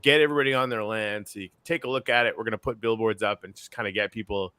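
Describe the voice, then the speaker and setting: Quick, bright-voiced man rambling excitedly. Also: lowish voice, clean tone, no echo. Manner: rambling, many fillers and restarts, swears. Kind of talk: casual chat.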